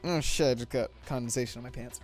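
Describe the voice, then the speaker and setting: A woman casually commenting on a game she is playing, excitable and profane, with quick asides. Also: very deep voice, soft background music. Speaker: let's play streamer.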